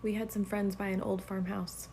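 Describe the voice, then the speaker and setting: A woman telling a story about her child in a matter-of-fact, steady way. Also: medium pitch, moderate pace, vocal fry, slightly rough. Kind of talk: casual storytelling.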